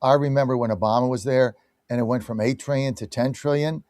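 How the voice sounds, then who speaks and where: A man's voice: mid-range voice, no echo, studio quality. A man hosting a live call-in radio show, reacting to callers and then riffing on the news. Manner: animated, quick to react, breaks into laughter. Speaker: radio talk show host.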